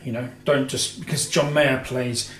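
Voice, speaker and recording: Casual male host, mid pitch, meandering and chatty, recorded in an echoey room. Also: little pitch movement, a little slow. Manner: rambling, heavy with filler "you know"s and self-corrections. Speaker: guitar show host. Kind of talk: casual Q&A chat. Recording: roomy echo with faint music.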